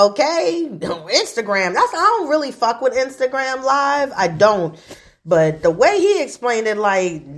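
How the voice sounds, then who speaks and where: A woman in her forties hosting a casual chat show, telling stories in a chatty, profane way. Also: mid-range voice. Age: 40s. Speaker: host.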